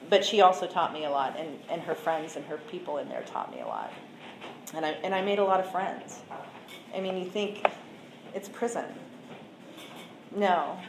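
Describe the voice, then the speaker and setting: A woman's voice: medium pitch, darkish tone. A woman giving a candid, earnest personal testimony as a recovery speaker, talking plainly with fillers. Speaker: recovery speaker sharing her story. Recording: echoey room with faint noise.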